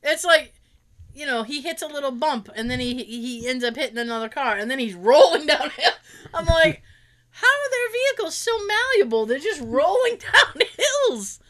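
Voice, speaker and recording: This high-pitched woman speaks at normal speed while chatting informally. She tells humorous stories with lively impressions of what people said, breaking into laughter often and swearing freely.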